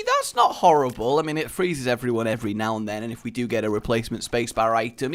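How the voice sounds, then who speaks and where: Lively, joking male game commentator. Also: mid-range voice, fairly quick, few pauses. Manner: rambling, jokey and animated, swears often. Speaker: gaming video host. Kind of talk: casual gameplay commentary.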